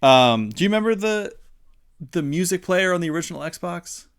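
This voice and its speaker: A man's voice: sits high, lively intonation, normal speed, clean tone. Playful laughing male podcast host. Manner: playful, laughs often, jokey. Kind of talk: casual stream chat.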